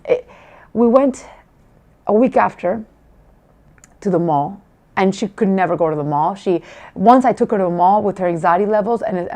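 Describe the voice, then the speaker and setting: A parent gives a personal testimonial, a woman telling a family story with heartfelt emotion and many restarts. Her voice is mid-range and a little mellow.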